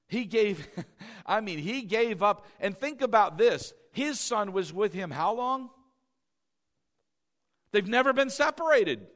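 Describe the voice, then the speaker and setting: A man with a high voice delivers a sermon as pastor. He swings from loud, impassioned cries to quiet, tender moments and keeps drawing the congregation in with questions and calls for response.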